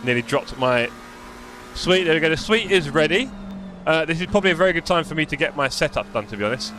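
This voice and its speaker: Man, chatty sim racing commentary, slightly high voice, faint background noise. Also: animated, fast, bright, forceful tone. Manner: chatty, jokey, mutters while fiddling with setup. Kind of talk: live stream commentary.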